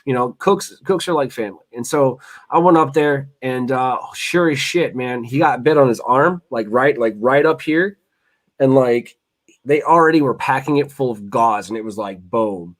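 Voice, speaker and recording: A man's voice: mid-range voice, normal speed. A man, a chef hosting a casual chat, rambling through loose stories with frequent restarts and swearing. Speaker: host, chef.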